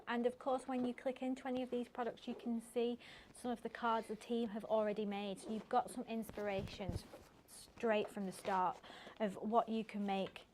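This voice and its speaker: A woman's voice: mid-range voice, a little hiss or hum. A woman presenting craft deals on shopping TV, gushing and upbeat. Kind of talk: enthusiastic sales chat. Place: TV craft studio.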